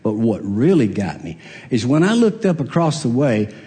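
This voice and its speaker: With a mid-range, dark-toned, sing-song voice at a moderate pace, a pastor from Alabama chuckles through a personal story in a big-sounding room. His conversational sermon is folksy and self-deprecating.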